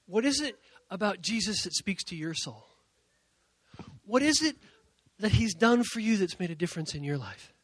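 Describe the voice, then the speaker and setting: A man giving an energetic youth sermon, animated, repeating his key points and acting out quoted voices. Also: high voice, moderate pace, no room sound. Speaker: youth speaker.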